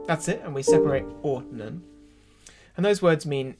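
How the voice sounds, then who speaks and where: A choir leader with a slightly high voice runs an online rehearsal at a moderate pace, talking over loud music. He explains German pronunciation and musical phrasing, then counts the singers in.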